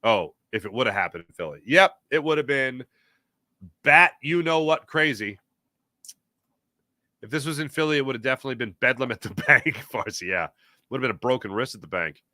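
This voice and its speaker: A man hosting a casual sports talk show, talking emphatically and answering live chat with quick asides. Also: mid-range voice, animated, sharp tone, dry recording, studio quality.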